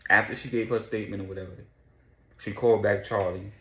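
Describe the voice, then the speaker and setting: A man's voice: fairly low pitch, steady tone, fast talker, pushed and bright, roomy sound. A man telling a story casually, with slang, profanity and repetition.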